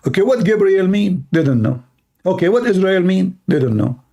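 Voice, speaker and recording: A man hosting a livestream, speaking sarcastic, mocking broken English and swinging between loud outbursts and exaggerated slow, soft talk. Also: sits high, expressive, vocal fry. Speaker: livestream host. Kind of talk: livestream debate commentary.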